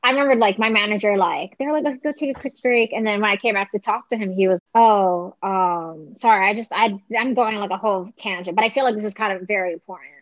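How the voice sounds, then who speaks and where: A young woman telling a personal story in casual conversation, talking fast and filling her speech with "like". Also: medium pitch, no echo. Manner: chatty, heavy use of "like", quick quoted asides. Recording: slightly dull close dry recording.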